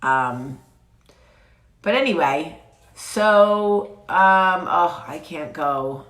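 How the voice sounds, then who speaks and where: Woman, sick with a cold, low pitch, slow, chatty, blunt, swears casually, echoey room. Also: expressive, a bit bright. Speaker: vlog host. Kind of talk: casual chat to camera. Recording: roomy echo.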